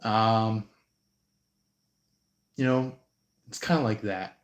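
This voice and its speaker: A man giving an intuitive reading on a live stream, slow and halting, with many fillers and restarts. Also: fairly low pitch, reverberant. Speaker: tarot reader.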